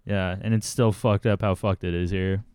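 Low, smooth-voiced blunt man on a podcast. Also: fairly even intonation, moderate pace, a little mellow, no echo, clean studio sound. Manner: blunt, opinionated, laughing easily. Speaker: podcast co-host. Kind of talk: casual podcast banter.

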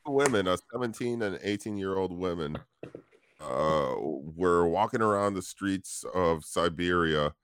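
A man's voice: low voice, unhurried, fairly bright tone, smooth, no room sound, clean studio sound. A young man co-hosting a podcast, telling a story casually with lots of swearing, laughing and filler words. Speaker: podcast co-host. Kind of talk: casual crude podcast banter.

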